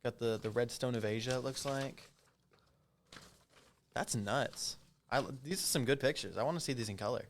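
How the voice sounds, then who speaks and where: A man's voice: medium pitch, normal speed, pauses often, a little hiss or hum. A young man co-hosting a casual podcast, reacting eagerly and joking along. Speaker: podcast co-host. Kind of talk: casual chat.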